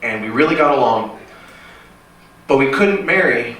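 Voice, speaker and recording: A man's voice: mid-range voice, animated, moderate pace, pushed and bright. Rambling stand-up comedian man, echoey club. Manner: rambling, self-deprecating, jumps into silly voices. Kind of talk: stand-up set at an open mic. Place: small comedy club stage. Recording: echoey room, mic from far off, noisy.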